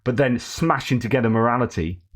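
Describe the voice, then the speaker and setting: A man's voice: mid-range voice, fairly quick. A man hosting a news commentary show, talking in a wry, sarcastic way. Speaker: host.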